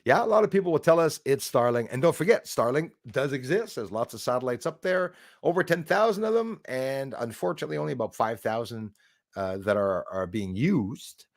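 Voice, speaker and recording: A gravelly-voiced man hosts a live stream. He talks casually and rambles, stressing his points with lots of "uh" and "you know". His pitch swings widely, and the sound is dry and close. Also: lively intonation, a little fast, dry recording. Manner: rambling and emphatic, with many fillers. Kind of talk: casual live-stream talk, reading chat comments.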